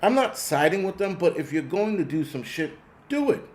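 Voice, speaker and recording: A man's voice: sits high, sing-song, moderate pace, darkish tone, a little hiss or hum. A man hosting a show, ranting bluntly and sarcastically with plenty of profanity while answering viewer comments. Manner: sarcastic, exasperated. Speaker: host. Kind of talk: ranting commentary reading chat.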